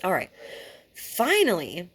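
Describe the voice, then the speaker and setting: A woman's voice: fairly low pitch, huge pitch swings, slow, a bit bright, slightly rough. A woman reading scripture aloud and teaching on it, moving between formal reading and casual explanation. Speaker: Bible teacher.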